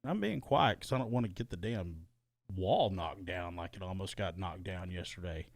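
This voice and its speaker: Brief: male podcast co-host, lively swooping delivery, stumbling restarts, dry close sound. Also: low voice, moderate pace, no room sound. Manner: rambling, animated, repeats and restarts words. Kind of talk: casual podcast chat. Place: small soundproofed home studio.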